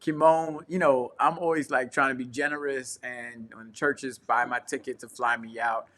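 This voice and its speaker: A man's voice: mid-range voice, fairly even intonation, normal speed, pushed and bright. A man co-hosting a casual talk show from his couch, telling a travel story with slang and acting out the people in it. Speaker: podcast co-host and traveling preacher. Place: home couch.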